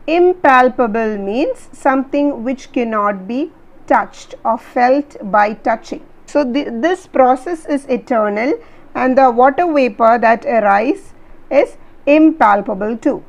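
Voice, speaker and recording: A woman with a fairly high voice and an Indian English accent, explaining a poem line by line to students. She reads each verse slowly and deliberately, then breaks it down in simple, patient teacher talk. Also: poor audio.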